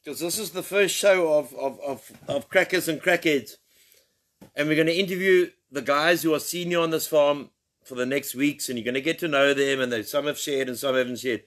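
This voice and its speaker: A man's voice: fairly high pitch, normal speed, fairly bright tone. A man hosting a joking live show, teasing his guests and laughing often. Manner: teasing, banters and laughs a lot. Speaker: host. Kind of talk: joking live-stream chat.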